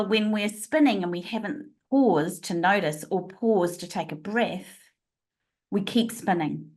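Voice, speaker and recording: A woman guest on a podcast interview, telling stories expressively with frequent laughter, speaking over a remote call. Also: medium pitch. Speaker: guest, leadership trainer.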